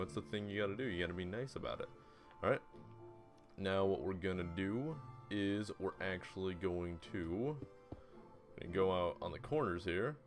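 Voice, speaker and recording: A man hosting a relaxed game video, talking to himself in a casual, rambling way with little hums and asides as he builds, a bit off his desk mic at home. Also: sits low. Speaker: gaming video host. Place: home room beside a TV. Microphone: desk mic, turned away from it.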